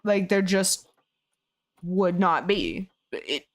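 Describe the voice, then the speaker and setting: A hoarse woman streamer chatting casually with her viewers, rambling, laughing often and swearing freely. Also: lowish voice, expressive, very slow. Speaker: game streamer. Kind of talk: casual chat with viewers while building.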